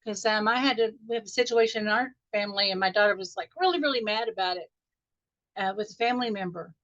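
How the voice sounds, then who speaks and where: A woman coach leading a live group call, guiding a meditation in a soft, unhurried voice and then teaching in a chatty, animated way. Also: mid-range voice. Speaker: life coach. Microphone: video call audio. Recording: dull lo-fi video call sound.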